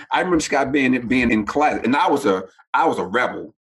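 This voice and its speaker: In an interview, a podcast guest in his sixties from Baltimore, United States, recounts personal stories with animation, performing the voices of people he quotes. His mid-range voice is expressive, a bit bright, and breathy-edged, with a moderate pace.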